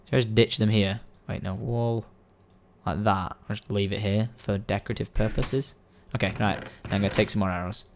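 A young man giving excitable, rambling let's-play commentary, coaxing and shouting at the game. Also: medium pitch. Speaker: gaming video host.

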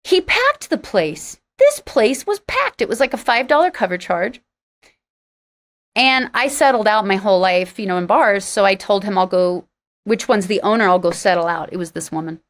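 Woman guest in an interview, candid and sarcastic storyteller, voices the people she quotes. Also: moderate pace. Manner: animated, acts out quoted dialogue with big pitch jumps. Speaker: interview guest, singer-songwriter.

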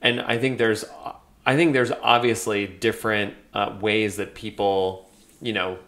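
A man's voice: lowish voice, flat delivery, unhurried, a bit bright. A young man co-hosting a casual podcast, talking in a chatty, hesitant way with lots of fillers and restarts. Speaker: podcast co-host. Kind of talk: casual conversational podcast chat.

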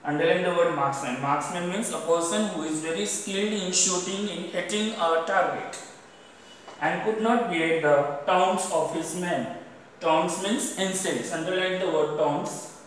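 Man teacher with an Indian accent, high-pitched, recorded from a distance in an echoey room, reads a story aloud and explains vocabulary. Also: unhurried, slight background noise. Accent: Indian English. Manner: repeats "underline the word" between sentences. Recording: echoey room, voice far from mic.

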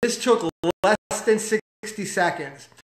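A man's voice: high-pitched, animated, slow, slight background noise. A man giving a motivational talk, telling a personal story in an emphatic, conversational way with rhetorical questions. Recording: echoey room.

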